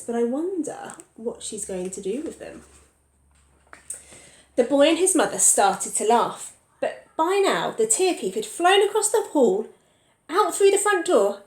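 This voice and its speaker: A woman teacher reading a picture book aloud to young children, pausing to ask them questions. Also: fairly high pitch, darkish tone, reverberant.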